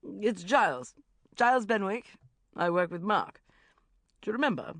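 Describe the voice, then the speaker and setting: An earnest, mournful posh gentleman, as a woman reading the book plays him talks politely and at length. The voice sits near the reader's own but lower at times. Dry, close recording. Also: sing-song, moderate pace, creaky, no room sound, heavily acted. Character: earnest, posh, sad divorcing man.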